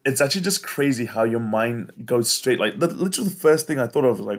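Talking fast at a medium pitch, a young man animatedly tells friends a wild hiking story in casual chat, swearing often and saying "bro" and "like" a lot.

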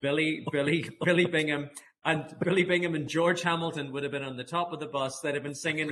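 A man's voice: on the high side, fairly quick, a bit bright, a little hiss or hum. A man, chatting casually on a podcast, rambling and laughing with many restarts. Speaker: podcast co-host. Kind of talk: casual chat.

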